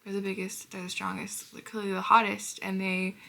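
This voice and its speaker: Woman, book reviewer, casual vlog, blunt and sarcastic, swears, bright tone, vocal fry. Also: medium pitch, flat delivery, fairly quick. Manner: blunt, sarcastic, swears freely, drops into whispered asides.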